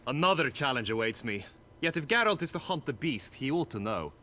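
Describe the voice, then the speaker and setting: An actor playing an earnest young knight who speaks in formal, old-fashioned courtly phrases in a video game. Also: male voice, mid-range voice, big pitch swings, a little fast, pushed and bright. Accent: mixed British Isles-like accent. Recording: game audio with faint noise.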